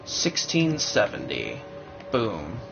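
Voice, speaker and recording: A young man streaming a game live and rambling aloud as he works out what to do, with many pauses and restarts. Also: lowish voice, huge pitch swings, creaky, lo-fi sound, music in the background. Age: young adult. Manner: thinking aloud, rambling and hesitant. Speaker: livestreamer playing a game. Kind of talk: live gameplay commentary.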